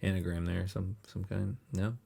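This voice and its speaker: A man guesting on a podcast, making short, dry remarks in casual chat. His voice is very deep and gravelly. It also has a husky edge to it. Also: level tone, normal speed, dark tone.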